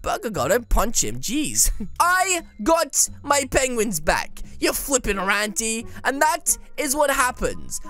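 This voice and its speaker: A woman hosting gameplay commentary, animated and playfully bossy, with teasing insults. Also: sits high, a little slow. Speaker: YouTube gameplay host. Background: faint music.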